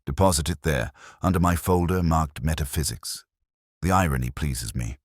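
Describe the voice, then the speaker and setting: A man reading the lines of an aloof, exacting genius detective in a measured, dryly formal way. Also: very deep voice, no room sound, clean studio sound. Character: stout, aloof male genius detective, older. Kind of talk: audiobook character reading.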